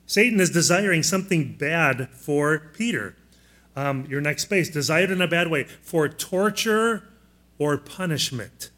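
A male pastor preaching a sermon in a slightly raised, clear voice. He is plainspoken and teacherly, steadily asking his listeners questions. He walks them through the blanks in their sermon notes. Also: a little high, pushed and bright. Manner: plainspoken, asks the congregation frequent questions.

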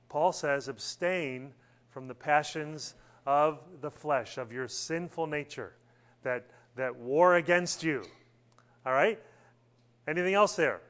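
A man's voice: fairly high pitch, slow pace, fairly bright tone. Man teaching a church Bible class. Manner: conversational, asks the class questions, many fillers.

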